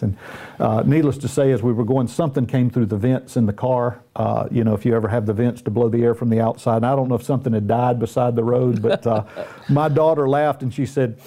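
Here the Southern minister, middle-aged and from the US South, talks a little fast in a mellow, medium-pitched voice with fairly even intonation. His folksy, self-deprecating anecdotes fit the easygoing Christian talk show setting.

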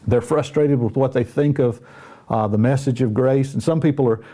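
A man's voice: medium pitch, normal speed, warm tone. A middle-aged man with a Southern US accent, a minister telling folksy, self-deprecating stories in a casual Christian talk show chat. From Southern United States.

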